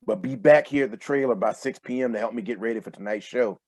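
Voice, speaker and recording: A man reading as a gruff animal-trainer father. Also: mid-range voice, fast, a little mellow, no echo, studio quality, natural voice. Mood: brusque.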